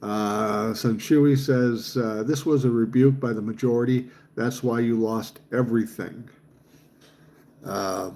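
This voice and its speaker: A man in his sixties, with a dark, mid-range voice, hosts a livestream and chats casually. He reads viewer comments aloud and answers them in a blunt, profane, fired-up way.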